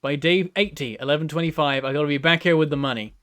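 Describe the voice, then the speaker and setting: A man's voice: a little high, quick pace, a bit bright, no room sound. A man hosting a let's play, giving rambling, self-mocking gameplay commentary and chuckling often.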